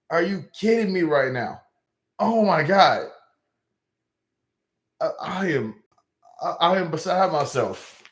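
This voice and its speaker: A man with a Southern US accent hosting a casual livestream, animated and slangy, often repeating his phrases and talking straight to his viewers. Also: fairly high pitch, roomy sound. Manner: animated, repeats himself, talks to chat with slangy asides. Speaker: livestream host. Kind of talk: casual live-stream chat.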